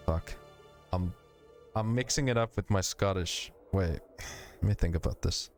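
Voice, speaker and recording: A man's voice: low-pitched, measured pace, pauses often, music in the background. A man with a Finnish accent streaming a game, making exasperated, self-mocking asides while reading. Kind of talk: casual let's-play commentary.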